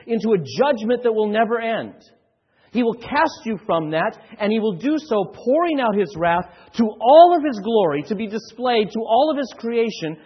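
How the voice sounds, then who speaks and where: A man preaching a sermon with passion, building from quiet to loud and often repeating words as he presses a point. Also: high-pitched, slightly rough. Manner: repeats words when stirred. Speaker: pastor. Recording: dull sound, long hall echo.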